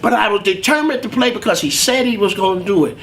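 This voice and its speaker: High-voiced man telling his life story. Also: quick pace. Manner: animated storyteller acting out other people's voices. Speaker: guest, saxophonist. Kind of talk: storytelling interview.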